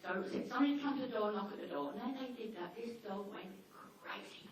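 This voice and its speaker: A woman giving a live seminar talk to an audience, telling stories and acting out dialogue with sudden jumps in pitch. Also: fast, a little hiss or hum. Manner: animated storyteller, acts out dialogue with lively pitch jumps. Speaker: dog behaviour speaker. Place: lecture hall. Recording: echoey hall, voice from far off with faint ambience.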